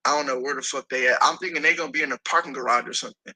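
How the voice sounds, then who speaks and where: A man telling a story as an interview guest, animated and profane, acting out the voices of the people in it. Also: medium pitch, very fast, low-quality recording.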